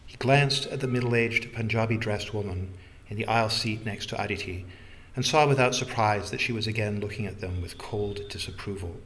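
A man with a fairly low voice narrates a novel in an even, literary reading. There is a faint hiss in the background of the recording. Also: normal speed. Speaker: audiobook narrator. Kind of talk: scripted narration.

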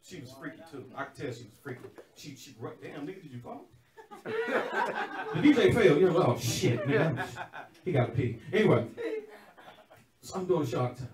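A middle-aged man doing a crude live stand-up set, muttering then shouting punchlines. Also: fairly high pitch, very animated, brisk, long pauses. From not from California. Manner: loud, crude, swings between mutters and shouts. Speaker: stand-up comedian. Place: indoor comedy venue stage. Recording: echoey room from far off, loud crowd.

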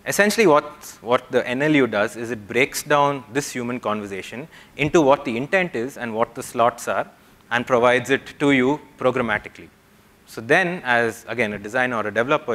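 A young man speaks at a tech conference, laying out ideas step by step for the crowd in a voice of middle pitch. He often pauses to check in with a short "yeah?" before moving on. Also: a bit bright. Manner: explanatory, checks in with the audience with "yeah?". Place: conference hall.

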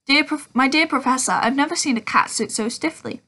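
Dumbledore, a calm old wizard read by a woman. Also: sits high, fairly quick, pitched above the performer's own voice. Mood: gentle. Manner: gentle, calm, teasing. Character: old kindly male wizard headmaster, calm and playful.

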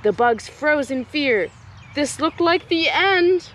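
A young adult woman, a nature educator, reading a rhyming picture book aloud to children at a slow pace. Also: high-pitched, expressive, a bit bright, a little hiss or hum, low-quality recording.

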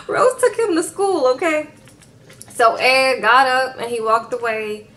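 A woman's voice: high voice, slow. Sassy woman recapping a show. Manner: sassy, animated, laughing asides. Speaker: reality TV recap vlogger. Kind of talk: casual episode recap.

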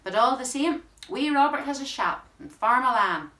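A woman's voice: high-pitched, lively intonation, normal speed, sharp tone, pitched above the performer's own voice. A woman with a Northern Irish accent reads a dialect poem in the voice of a rueful, greying bachelor farmer, in broad rural speech. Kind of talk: poetry reading in dialect. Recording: roomy sound from a distant mic.

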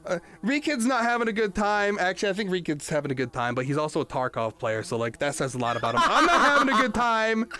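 High-voiced young man, nervous and joking. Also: very animated, fast talker, hardly any pauses. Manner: nervous, joking, easily alarmed. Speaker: YouTuber playing a game. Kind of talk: casual gameplay chat.

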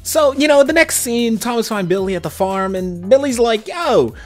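A man's voice: very high voice, normal speed, faint music behind. A young man giving casual, slangy commentary on a cartoon episode, laughing often. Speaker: video commentator.

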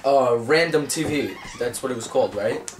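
A man's voice: medium pitch, moderate pace. A young man hosting a home video, bossy, often shushing his friends and restarting his intro. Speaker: host. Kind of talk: casual home video chat. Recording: distant camera mic with clear background noise.

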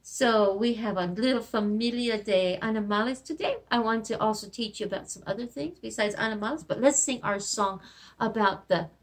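A woman teaching Spanish words to kindergartners in gentle, slow teacher talk, mixing Spanish into her English. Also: fairly high pitch. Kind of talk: children's lesson with songs.

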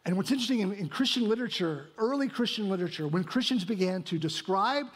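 A man's voice: sits high, lively intonation, fast talker. A male pastor delivering a sermon, asking rhetorical questions and tagging points with "right?". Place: church sanctuary.

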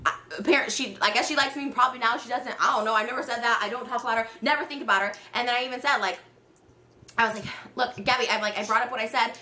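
A woman in her thirties venting in an exasperated, animated rant. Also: on the high side, very fast, reverberant. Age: 30s. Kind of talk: emotional rant.

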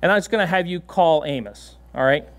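A man preaching a sermon in a church, animated and laughing often, giving commands to a dog on stage. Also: fairly high pitch, a little fast. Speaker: pastor. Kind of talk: sermon with a live dog demonstration. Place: church sanctuary.

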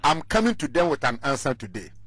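A man's voice: mid-range voice, very animated, fast talker, a bit bright, slightly rough, dry recording. A Ghanaian man speaking as a guest on a radio talk show, arguing his political point with passion and mixing Twi with English.

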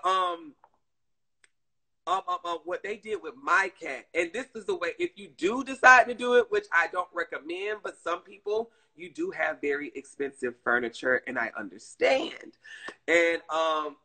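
A bright, slightly higher-pitched man talks to his live-stream viewers. He rambles through stories in a chatty, emotive way, full of fillers and asides. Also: husky, low-quality recording.

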